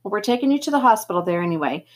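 A woman's voice: medium pitch, big pitch swings, very fast. A woman voicing a kindly grown man who reassures an injured boy, read aloud from a novel with a few slips. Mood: reassuring. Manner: gentle, reassuring, occasional slips.

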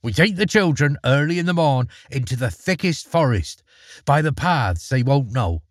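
Harsh nagging woodcutter's wife from an old fairy tale, a man doing her voice up high, husky edge. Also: animated, moderate pace, no echo, studio quality, close to an everyday voice. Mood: scheming. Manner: scolding, pushes hard. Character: harsh cold-hearted peasant wife, adult woman.

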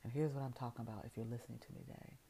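A woman with a remarkably deep, gravelly voice delivers an inspirational faith talk. Her tone is mellow and warm, with a faint hiss behind it. She builds her message through repeated, stacked phrases. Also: steady tone, racing, rough recording. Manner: storytelling retelling of scripture. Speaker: motivational speaker.

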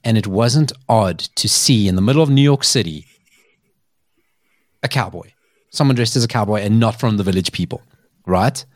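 Brief: man, podcast host, low voice, dry close sound, chatty storyteller who laughs a lot. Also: moderate pace, pauses often, no echo. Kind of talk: casual chat.

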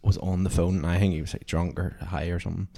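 A man's voice: low voice, flat delivery, quick pace, creaky, mellow. A young man telling a story in casual chat, rambling with many filler words.

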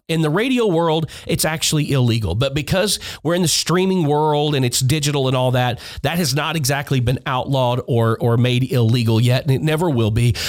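A man hosting a music industry podcast, giving blunt, emphatic advice, repeating points and swearing. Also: fairly high pitch. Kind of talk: instructional podcast monologue. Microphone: podcast mic.

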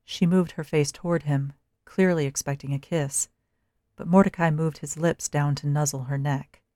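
A narrator reading a dark story in a steady, measured way. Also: medium pitch, no room sound, studio quality.

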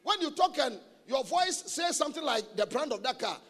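A man preaching a sermon as a guest speaker at a church gathering. He is animated and humorous, and he repeats his key phrases for emphasis. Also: very high voice, normal speed. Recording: long reverb of a large hall.

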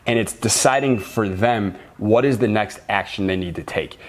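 A man hosting a casual podcast conversation as a business mentor, talking bluntly and swearing freely. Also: lowish voice.

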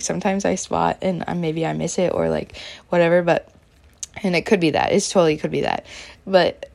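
Chatty young woman with a gravelly voice. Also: medium pitch. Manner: chatty and candid, many fillers and giggles. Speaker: vlogger. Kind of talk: casual diary-style monologue.

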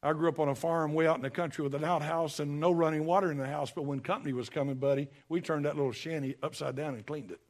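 A man preaching a sermon, folksy and emphatic, with sudden loud bursts. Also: on the high side, fairly even intonation, fast, few pauses. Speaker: pastor.

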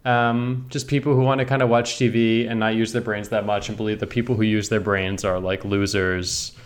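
A man's voice: lowish voice, level tone, brisk. A man co-hosting a casual podcast, thoughtful and analytical, hedging with fillers. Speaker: podcast co-host.

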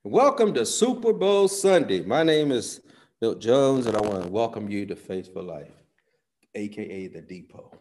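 Pastor guy preaching, low voice, pitch all over the place, folksy and loud then quiet. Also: moderate pace. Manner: lively preaching with call-and-response and sudden swings between loud and hushed; folksy talk with "y'all" and "ain't". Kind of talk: sermon.

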